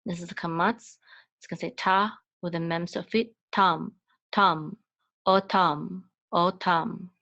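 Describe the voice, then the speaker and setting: In a slow Hebrew lesson, a patient woman goes through each letter and sound one step at a time, chanting phrases in a sung voice. Her lowish voice is steady, slow and creaky, with a fairly bright tone, and the highs are cut off.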